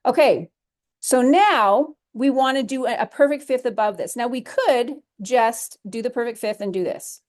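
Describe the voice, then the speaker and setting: A woman music theory instructor talking through a software lesson step by step in a chatty, self-correcting way. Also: a little high, moderate pace. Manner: chatty, talks through steps as she clicks, self-correcting. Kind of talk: recorded screen-share lesson.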